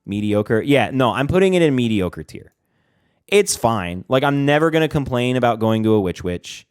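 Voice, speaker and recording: A man's voice: medium pitch, sing-song, normal speed, clean tone, faint music behind. A man streaming casually, rambling and swearing, with a lot of "like" and restarts. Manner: rambling and profane, heavy use of "like". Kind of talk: casual livestream chat.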